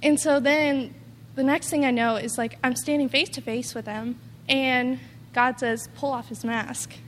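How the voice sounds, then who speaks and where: A woman's voice: high voice, fairly even intonation, a little slow, big-room sound, a little hiss or hum. A woman giving an earnest, rambling personal testimony, full of "like" and quoted asides. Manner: earnest, rambling, heavy use of "like". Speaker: testimony speaker.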